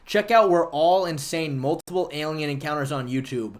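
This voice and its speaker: Man on a livestream, talking to chat, argumentative, cussing a lot, somewhat high voice. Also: moderate pace. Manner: argumentative, swears freely. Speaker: livestream host. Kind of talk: casual livestream chat with viewers.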